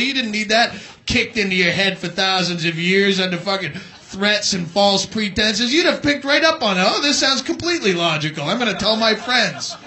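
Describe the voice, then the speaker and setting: Male stand-up comic with a high, piercing voice, sarcastic and foul-mouthed, live club set. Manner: profane, sarcastic ranting with shouted bursts. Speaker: stand-up comedian. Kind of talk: stand-up comedy rant. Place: comedy club stage with live audience.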